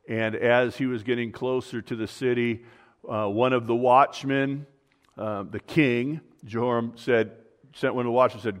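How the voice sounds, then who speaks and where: A man's voice: lowish voice, big-room sound. A man preaching an informal sermon, retelling a Bible story conversationally with many fillers and restarts.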